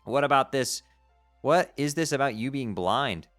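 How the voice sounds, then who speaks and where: A man voicing a blind, brash teenage troll girl, talking loud and eager while reading a webcomic aloud on stream. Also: medium pitch, animated, unhurried, dry recording, faint music behind, pitched above the performer's own voice. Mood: concerned.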